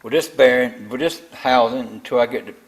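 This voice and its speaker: A man's voice: medium pitch, steady tone, a little fast, breathy edge, rough recording. An older man, talking through a tractor build in his machine shop in a rambling, grumbling way. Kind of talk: casual workshop vlog.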